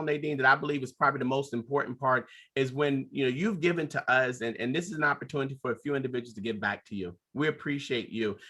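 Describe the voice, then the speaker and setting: Bright-voiced enthusiastic man hosting a call. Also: mid-range voice. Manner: enthusiastic, warm-hearted praise, calls on speakers. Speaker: host. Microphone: video call.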